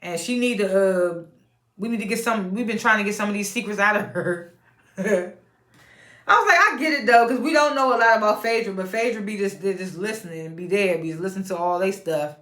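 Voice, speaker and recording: A woman's voice: mid-range voice, fairly quick, echoey room. A woman casually recapping a reality show episode, chatty, laughing often and retelling scenes in quoted voices.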